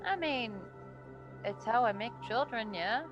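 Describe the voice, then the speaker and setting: A woman's voice: fairly high pitch, expressive, unhurried, muffled recording, voice pushed up. A woman voicing a laid-back, easygoing talking potted plant in a tabletop game, with music playing behind.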